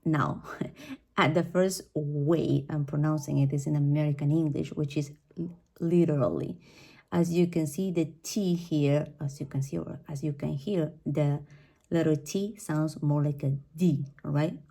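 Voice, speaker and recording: A woman's voice: deep voice, steady tone, unhurried, vocal fry, warm tone. A woman who speaks Spanish as her first language, with a Spanish accent, teaching English pronunciation on a podcast in a chatty way, full of fillers and asides like "right?" and "okay?".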